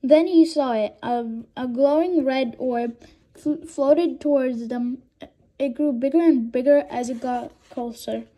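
A woman with a high, mellow voice reads a children's book aloud. She goes slowly and hesitantly, stumbling and humming between phrases. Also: rough recording. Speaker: reader.

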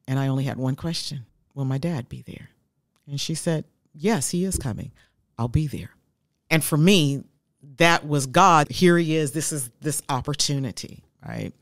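A woman's voice: extremely low pitch, gravelly, no echo, studio quality. A woman in her fifties, a guest telling her life story in an interview, heartfelt and reflective.

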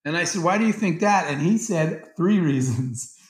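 A man, a guest entrepreneur, tells a story and acts out each line of quoted dialogue. His voice sits a little high for a man. It is recorded in a roomy space that gives it a clear echo. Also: lively intonation, normal speed. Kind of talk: storytelling in a podcast interview. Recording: roomy, echoey sound.

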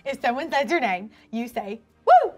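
A woman playing a rowdy party game, giggly and excitable. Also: high-pitched, normal speed. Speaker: game show player.

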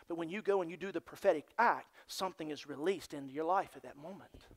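A man preaching a sermon as pastor in a church, dropping to hushed near-whispers and then building to loud, excited storytelling. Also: on the high side, fast talker.

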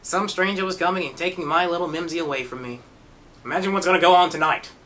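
A man's voice: on the high side, fast talker, fairly bright tone, pitched above the performer's own voice, close to an everyday voice. A man voicing a doting middle-aged father who laments losing his little girl, in a sentimental, exaggerated way. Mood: mournful.

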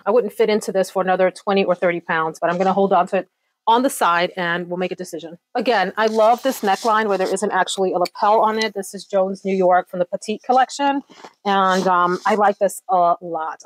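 A middle-aged woman vlogger chatting to her viewers as she sorts clothes, gushing and excitable. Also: mid-range voice, fairly quick, dry recording, rough recording. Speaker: closet declutter vlogger. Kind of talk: casual chat to camera.

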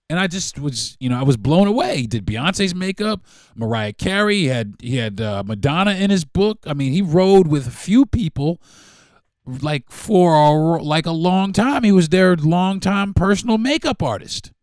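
A man hosting a podcast spins a casual, profanity-laced story, jumping into the voices of the people in it. His pitch swings widely as he talks. The sound is close and dry, with no room around it. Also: dry recording. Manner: animated, profane, acts out dialogue. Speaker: podcast host.

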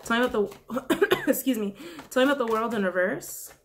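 A woman's voice: on the high side, lively intonation, a little fast, slight background noise. Chatty woman giving a blunt tarot reading. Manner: chatty, repeats questions to the cards, swears freely. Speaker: tarot reader. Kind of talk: casual weekly tarot reading.

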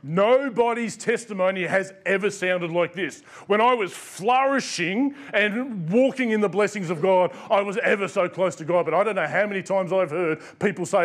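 A man's voice: sits high, moderate pace, hardly any pauses. An Australian male pastor preaching a sermon in a conversational, storytelling way.

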